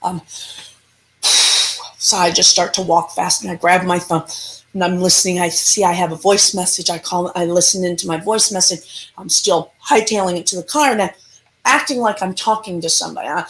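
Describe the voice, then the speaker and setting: Female paranormal investigator, animated storyteller in an interview. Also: fairly low pitch, normal speed. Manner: animated storyteller, acting out dialogue.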